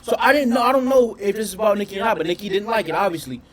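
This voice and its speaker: High-voiced man in profane reaction chatter. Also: rapid-fire. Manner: animated, profane, questioning the audience. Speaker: reaction streamer. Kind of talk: casual reaction commentary.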